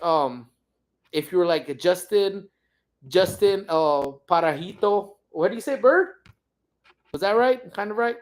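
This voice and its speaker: A man hosting a casual livestream from home, reading viewer comments and rambling along with jokes and teasing. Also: high voice. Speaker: livestream host.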